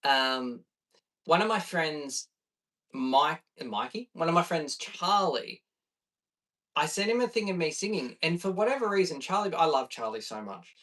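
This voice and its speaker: A man's voice: fairly high pitch, animated, a little slow, a bit bright, far from the mic. A man chatting casually on a live stream, reacting to chat and laughing easily. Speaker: livestreamer.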